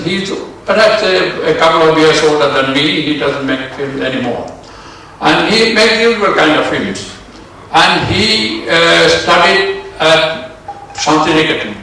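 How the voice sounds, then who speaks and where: An older man, a veteran filmmaker on a festival panel, telling a rambling, halting anecdote and chuckling along the way. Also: fairly high pitch, pushed and bright, a little hiss or hum. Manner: rambling, halting, chuckles at his own tale. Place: festival hall. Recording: echoey hall from far off.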